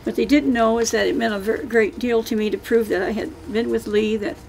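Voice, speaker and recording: A woman's voice: fairly high pitch, fairly even intonation, brisk, vocal fry, a little mellow, a little hiss or hum, poor audio. An older woman, an author, talking casually and emphatically to an audience, rambling and restarting as she goes. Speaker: author giving a book-signing talk.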